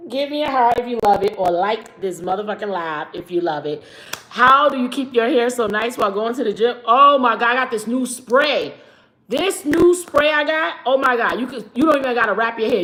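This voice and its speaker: A woman in her forties running a casual live stream, with a high voice that swoops up and down. She is brash and profane, laughs often, and mimics the people she talks about. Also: sharp tone. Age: 40s.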